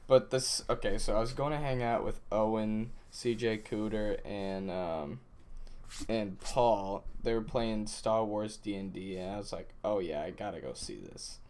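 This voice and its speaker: A young man in casual podcast chat with friends, telling his stories with lots of animation. He acts out the quotes and shouts as he goes. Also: on the low side, a little slow, a little hiss or hum. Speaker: podcast host.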